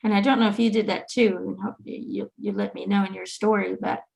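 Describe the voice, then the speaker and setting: A woman's voice: medium pitch, fairly even intonation, brisk, gravelly, darkish tone. A middle-aged woman hosting a casual, heartfelt chat, telling her story in an earnest, reflective way. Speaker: host.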